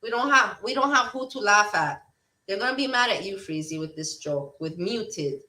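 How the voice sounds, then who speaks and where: A woman's voice: medium pitch, expressive, normal speed, sharp tone, distant mic. Blunt rambling woman streamer, roomy sound. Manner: blunt, rambling, swears freely. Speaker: livestream host. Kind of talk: casual livestream chat.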